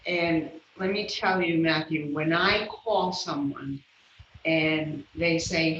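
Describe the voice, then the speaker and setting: A woman guest in an interview, telling a personal story in an animated way and acting out the voices of the people in it. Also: sits low, slow, echoey room, highs cut off, a little hiss or hum. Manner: animated, acts out the voices of people in her stories. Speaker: guest, yoga instructor.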